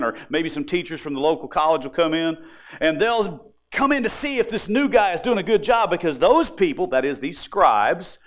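Male preacher, high and very animated delivery, acts out the quotes. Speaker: pastor. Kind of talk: sermon.

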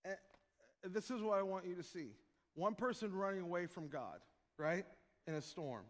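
A man preaching a sermon as pastor, joking with his congregation and breaking into loud shouted prayers. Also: high-pitched, animated, normal speed, long reverb tail.

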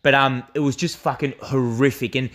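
A man's voice: medium pitch, steady tone, normal speed, a bit bright. A young Australian man co-hosting a podcast in casual chat, rambling through a story with lots of fillers and swearing. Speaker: podcast co-host.

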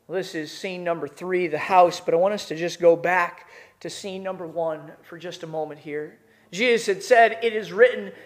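A man preaching a sermon, acting out the scene with emphatic rises and sudden soft drops. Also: high voice. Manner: dramatic retelling with voiced characters, emphatic rises. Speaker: pastor.

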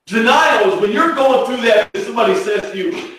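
High-voiced preacher guy, goes quiet then shouts, big echoey hall from far off. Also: expressive, brisk. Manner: dramatic swings from hushed to shouted. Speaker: pastor. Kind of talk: sermon.

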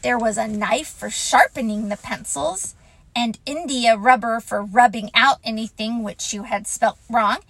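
A woman reading a children's story aloud in a gentle, unhurried way. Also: on the high side, dry recording, low-quality recording.

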